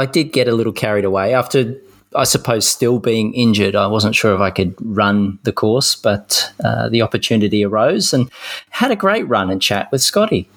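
A man's voice: mid-range voice, a bit bright. A man co-hosting a podcast, friendly and hesitant, with many fillers and restarts. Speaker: podcast co-host. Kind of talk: casual chat.

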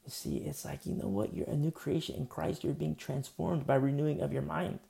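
A male pastor preaching a relaxed, conversational sermon, rambling with lots of fillers and restarts. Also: fairly high pitch, a little fast, creaky.

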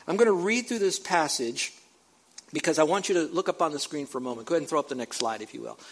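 A man preaching a sermon as pastor, emphatic, repeating phrases for stress and dropping into quiet asides. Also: a little high, expressive, fast talker.

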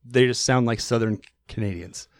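A man co-hosting a podcast in casual chat, rambling through animated stories and throwing in mock accents. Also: mid-range voice, normal speed, no room sound, clean studio sound. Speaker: podcast co-host. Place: podcast studio.

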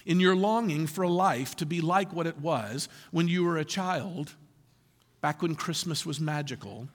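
A man preaching a sermon to a congregation, animated and full of rhetorical questions, often laughing through his lines. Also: high-pitched, in a large hall. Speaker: pastor.

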